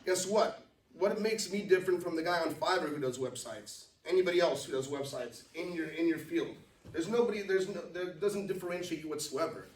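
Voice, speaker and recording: A man's voice: high voice, moderate pace. A man from Los Angeles giving a conversational business presentation, checking in with the audience with "right?" every few sentences. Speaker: company CEO presenting to a business network. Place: meeting room. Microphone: far from the mic. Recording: echoey room from far off.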